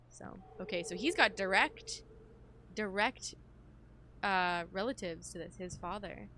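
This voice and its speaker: A woman's voice: mid-range voice, unhurried, pushed and bright, slight background noise. Chatty woman streaming a horror game. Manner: chatty, reacting as she reads. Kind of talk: live gameplay commentary.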